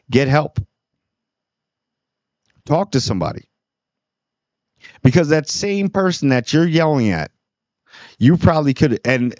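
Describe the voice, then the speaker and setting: A man's voice: medium pitch, darkish tone, dry recording. A man talking earnestly in a casual monologue about kindness, rambling and restarting his sentences often. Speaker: small YouTube channel host. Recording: dull, dry lo-fi recording.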